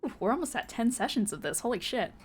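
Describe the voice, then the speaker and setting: A woman's voice: fairly high pitch, big pitch swings, quick pace, husky. A woman running a tabletop game as game master, moving from a casual, giggly recap full of swearing into descriptive narration.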